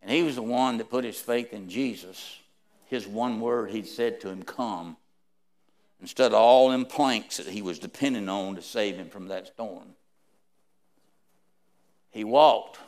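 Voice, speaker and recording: A man with a mid-range voice preaches a sermon, reading scripture aloud. He swings between hushed, slow lines and loud, rising ones.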